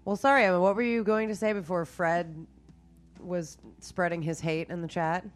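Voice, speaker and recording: Lady cohost with a really low voice, dry teasing humor, faint music under it. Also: steady tone, moderate pace. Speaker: radio show co-host. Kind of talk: casual call-in chat.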